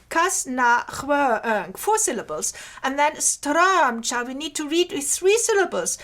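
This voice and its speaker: Slow, high-voiced woman lecturing. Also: fairly bright tone. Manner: measured, explains step by step, pointing at slides. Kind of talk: academic lecture over slides.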